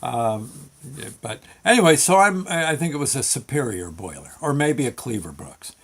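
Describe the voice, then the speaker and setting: A man hosting his own show, telling a long work story in a halting, folksy way with many fillers and restarts. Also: medium pitch, sing-song, fairly bright tone. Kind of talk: rambling spoken storytelling.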